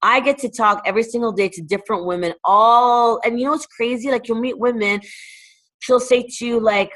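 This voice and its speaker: Woman, from Toronto, charity founder, casual interview, animated, lots of fillers. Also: a little high, normal speed. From Toronto, Canada. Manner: animated, fillers of "like", acts out quotes.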